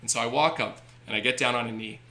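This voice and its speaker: Talking fast in a mid-range voice, this man owns a baseball team and is doing energetic storytelling on a podcast. He stays animated, performing the different voices in each anecdote.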